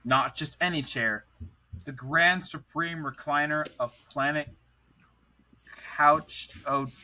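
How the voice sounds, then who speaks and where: Bright-voiced young man reading a goofy tale. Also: on the high side, slow, rough recording. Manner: playful, stumbles and restarts words. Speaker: podcast co-host. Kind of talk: reading a silly story aloud.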